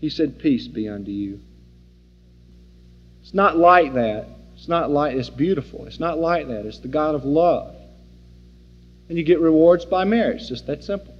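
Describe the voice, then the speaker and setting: A man teaching an informal sermon, folksy and animated, acting out the scenes he describes. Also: a little high, moderate pace, slightly rough. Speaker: Bible teacher. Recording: dull lo-fi recording in a reverberant hall.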